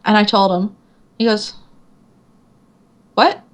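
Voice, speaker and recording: Female author guest, middle-pitched, chatty and animated, quotes people in bouncy voices. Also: slow pace. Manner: animated storyteller, acts out quotes, laughs often. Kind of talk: casual interview chat.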